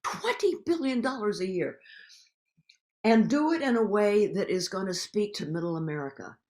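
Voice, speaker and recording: An older woman, a guest activist in a recorded public conversation, telling stories in an animated, emphatic way. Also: mid-range voice, moderate pace.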